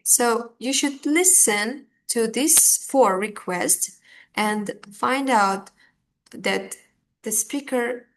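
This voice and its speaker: Woman teacher, unhurried, patient, filler words. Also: fairly high pitch. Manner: slow, patient, with fillers and restarts. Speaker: English teacher. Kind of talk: online language lesson.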